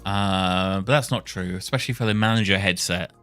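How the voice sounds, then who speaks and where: A man talking to himself while testing speech software, muttering and correcting himself as he goes. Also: sits low, fairly quick, smooth, faint music behind. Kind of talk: casual thinking-aloud coding session.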